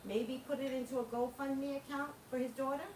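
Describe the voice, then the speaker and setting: A woman's voice: high voice, fairly even intonation, a little fast, a little mellow, reverberant, far from the mic, a little hiss or hum, poor audio. A woman hosting a livestream, talking casually and passionately to her viewers, laughing often. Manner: impassioned, preachy, laughs often. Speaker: livestream host.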